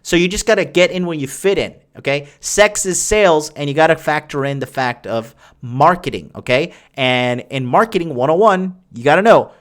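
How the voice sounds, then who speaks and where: A man's voice: a little high, normal speed, few pauses. A young man hosting a podcast, talking crudely and boastfully in a rambling casual monologue. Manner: rambling, with many fillers and restarts. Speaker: podcast host answering listener questions.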